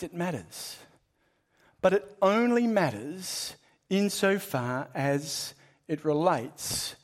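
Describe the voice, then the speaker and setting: A man preaching a sermon, swinging between loud emphasis and hushed lines and repeating phrases for rhythm. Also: high-pitched.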